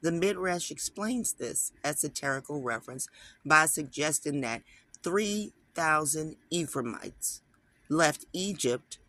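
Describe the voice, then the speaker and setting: Here the same kind of online lesson comes from a man whose voice sits a little high and sounds pushed and bright, with no room sound. He interrupts his reading of an article with emphatic, casual remarks spoken straight to his viewers.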